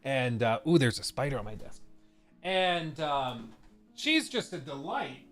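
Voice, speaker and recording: A man's voice: mid-range voice, big pitch swings, measured pace, fairly bright tone, faint music behind. A man hosting a casual live stream from his basement desk, ranting sarcastically and mocking what others say in quoted voices. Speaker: livestream host.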